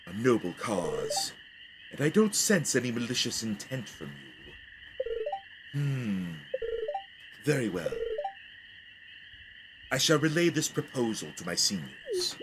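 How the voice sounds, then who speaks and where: A man voicing a stern male spirit guardian in a video game, speaking in a measured, solemn way. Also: medium pitch, voice pushed down. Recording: steady background noise.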